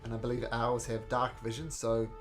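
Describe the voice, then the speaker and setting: A woman narrating and running a tabletop game as game master, animated and laughing often. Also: extremely low pitch, normal speed, soft background music.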